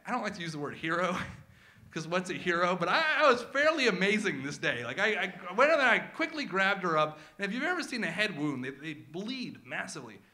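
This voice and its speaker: Animated man telling a true story. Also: sits high, brisk. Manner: animated, comic, acts out his kids' voices. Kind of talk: live first-person storytelling.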